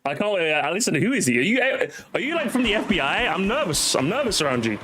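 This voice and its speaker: A young man chatting casually while streaming a racing game with viewers, excitable and swearing, repeating himself in bursts. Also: sits high, quick pace, slight background noise. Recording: game music behind.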